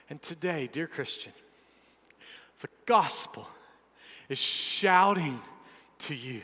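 A man preaching a sermon, emphatic and repetitive, swinging between loud declarations and hushed, deliberate words. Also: on the high side, lively intonation, slightly rough. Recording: long hall reverb.

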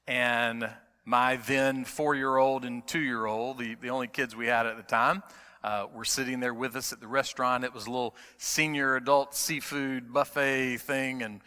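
A middle-aged male pastor preaching a sermon, swinging between hushed moments and emphatic, rising passages. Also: mid-range voice, little pitch movement, moderate pace, smooth. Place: church sanctuary. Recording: long reverb of a large hall.

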